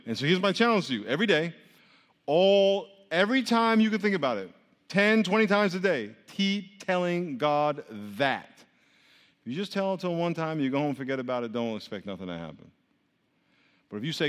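Joking pastor in a reverberant hall. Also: male voice, fairly high pitch, lively intonation, normal speed. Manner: conversational, joking with the congregation, swings from quiet to loud. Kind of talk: sermon.

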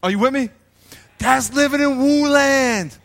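A man preaching a lively sermon as pastor, acting out small scenes and calling on the congregation to answer him. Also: extremely high pitch, unhurried, creaky. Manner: animated preaching, plays out little scenes and asks the crowd to respond. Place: church hall. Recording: long hall reverb.

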